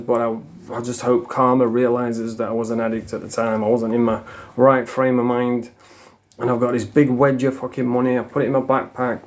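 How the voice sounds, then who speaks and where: A man, a former addict telling his story in a frank, casual monologue full of swearing. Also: mid-range voice. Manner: frank, swears a lot, plain-spoken.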